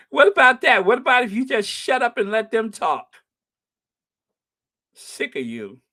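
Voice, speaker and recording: A woman hosting a live commentary stream, ranting in an animated, heckling way and laughing often. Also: fairly high pitch, measured pace. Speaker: channel host.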